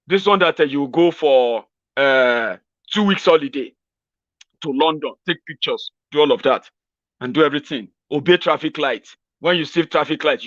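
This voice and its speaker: Animated Nigerian man, high and dry. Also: dry recording, highs cut off. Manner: animated, acts out street exchanges in pidgin. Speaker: political commentator. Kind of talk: casual monologue.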